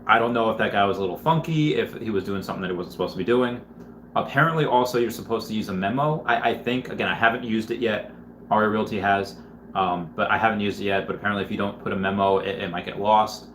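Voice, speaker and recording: A man's voice: lowish voice, fast, fairly bright tone, slight background noise. A man casually chatting on a livestream, reading viewer comments aloud and rambling with lots of fillers. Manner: rambling, with many fillers and restarts. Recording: roomy echo.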